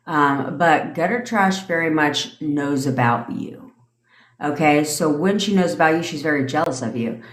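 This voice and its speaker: This manifestation coach, a middle-aged woman with a deep voice, takes her time as she rants to her livestream viewers. Her coaching is blunt and laced with swearing, and it echoes off the walls around her.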